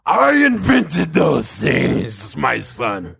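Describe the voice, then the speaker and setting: A man voicing God as a deep, slow, booming and demonic male voice. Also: huge pitch swings, vocal fry, a bit bright, heavily acted.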